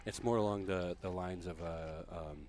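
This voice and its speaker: A man doing casual color commentary, halting and searching for words. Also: low-pitched, fairly even intonation, a little mellow, slight background noise. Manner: hesitant, with many fillers.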